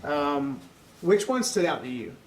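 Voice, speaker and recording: A man's voice: a little high, lively intonation, unhurried, far from the mic, slight background noise, rough recording. A man hosting a casual studio interview, talking loosely and trailing into fillers. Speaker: host.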